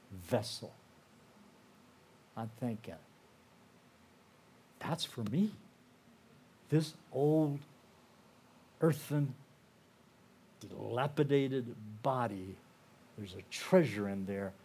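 A man's voice: mid-range voice, a little hiss or hum. An older man giving a personal testimony to a church audience. He tells the story in a conversational way, with lots of "you know" and restarts, and he turns earnest and emotional. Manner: earnest and emotional, dropping softer at heavy moments. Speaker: guest speaker sharing his testimony.

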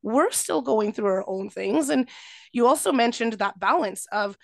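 A woman's voice: a little high, lively intonation, moderate pace, gravelly, no room sound. A woman co-hosting a parenting podcast who talks casually and thoughtfully as a family coach.

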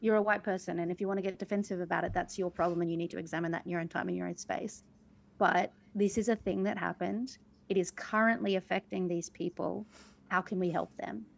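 Young woman co-host with a gravelly edge, thoughtful casual talk. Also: on the low side, steady tone, quick pace. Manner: thoughtful, many "um"s. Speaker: podcast co-host. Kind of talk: casual chat.

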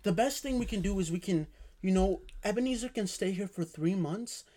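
A young man voicing an apologetic woman apartment manager, speaking softly and lower. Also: fairly quick.

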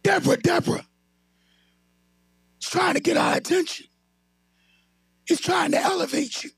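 A man's voice: extremely high pitch, moderate pace, vocal fry, a bit bright, no echo. A man preaching a sermon, calling on the congregation to answer him and building into a sung, whooping delivery. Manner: calls on the congregation to respond, rising into a sung whoop.

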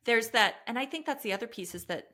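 A woman's voice: fairly high pitch, expressive, fast, bright, forceful tone. A woman speaking as a podcast guest and trauma coach, earnest and reflective, often restarting her sentences in candid conversation.

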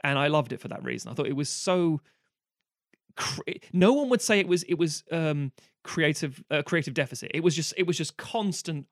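A man, co-hosting a casual film chat, animated and swearing freely. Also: a little high, normal speed, dry recording, clean studio sound. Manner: animated, swears freely, mock-quotes characters. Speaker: podcast co-host.

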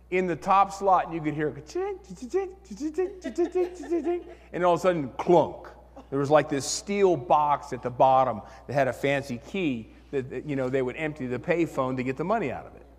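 A male pastor tells a story from the pulpit, his voice sitting somewhat high, and he acts out his own inner voices as he goes. The sound carries a long reverb, as in a church hall. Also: normal speed. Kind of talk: sermon with storytelling.

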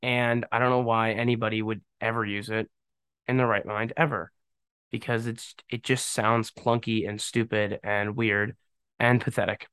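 A man's voice: lowish voice, little pitch movement, moderate pace, fairly bright tone, clear, resonant tone, no room sound. A man hosting a casual solo podcast, talking bluntly and ramblingly with a scoffing edge and many fillers. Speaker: podcast host.

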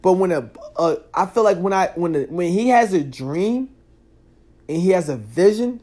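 Man, young adult, podcast host, casual monologue, animated, fairly high voice. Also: moderate pace, pauses often. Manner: animated, talks straight to the listener, rising loud when worked up.

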